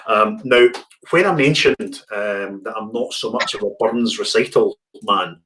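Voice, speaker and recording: Relaxed man leading a tasting. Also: lowish voice, measured pace, slight background noise. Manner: relaxed, chatty, hesitant with repeated words. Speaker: whisky distillery representative hosting a tasting. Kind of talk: online tasting presentation. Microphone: video call.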